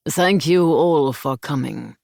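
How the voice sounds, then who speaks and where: A woman voicing a slow, grave old Russian man. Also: sits low, vocal fry, darkish tone, no room sound, clean studio sound, full character voice. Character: frail old man near a hundred, dissident writer.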